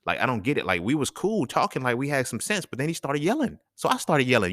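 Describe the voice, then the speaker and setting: A man hosting a solo talk episode, ranting in an animated, casual way full of slang and profanity. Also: mid-range voice, fast, no echo, clean studio sound. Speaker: podcast host. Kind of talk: solo monologue rant.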